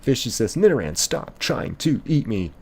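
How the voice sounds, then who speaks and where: A man's voice: mid-range voice, big pitch swings, moderate pace, darkish tone, husky. A young man, live-streaming a game and playfully reading viewer chat aloud, laughing often.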